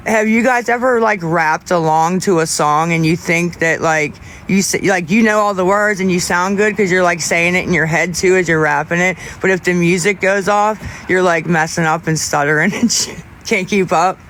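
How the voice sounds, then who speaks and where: A young man livestreaming, chatting casually with viewers in a rambling, halting way with many restarts. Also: sits high, fairly even intonation, a bit bright, a little hiss or hum.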